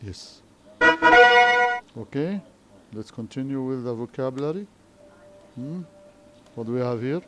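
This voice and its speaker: Slow-talking male English teacher, Arabic accent. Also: mid-range voice, animated, dark tone, slight background noise. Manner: slow, repetitive, frequent questioning tags. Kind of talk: classroom lesson explanation.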